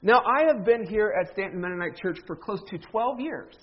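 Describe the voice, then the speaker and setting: A man's voice: sits high, expressive, normal speed, dull audio. A middle-aged man preaching a humorous sermon in a church, telling stories with a joking, self-deprecating manner. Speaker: pastor. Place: church sanctuary.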